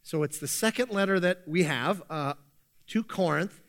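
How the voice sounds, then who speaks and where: A man's voice: high voice, moderate pace, a bit bright. A male pastor preaching a sermon in a conversational, emphatic way with playful sarcasm.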